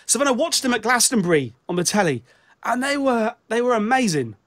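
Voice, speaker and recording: A British man with a notably high-pitched voice talks through a casual music chat. He halts and restarts his sentences often, feeling his way toward each point as he goes. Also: very animated, fairly quick, fairly bright tone. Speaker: show host.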